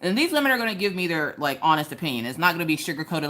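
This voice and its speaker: Low-voiced woman ranting on a crafting livestream. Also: racing, hardly any pauses. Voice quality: ranting, animated, with sudden high exclamations. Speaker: livestream host. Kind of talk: casual chat while crafting. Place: home.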